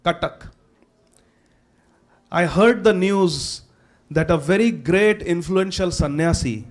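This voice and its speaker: A man's voice: high-pitched, takes it slowly. A man playing a devout, regal king of Odisha, addressing the audience in a formal, stately live stage monologue. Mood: regal storytelling. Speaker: actor in a festival drama.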